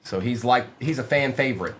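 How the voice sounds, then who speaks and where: A man's voice: medium pitch, a little fast, slight background noise. A man hosting a live sports card break, reading out player names from the pulls and chatting casually with viewers in the stream chat.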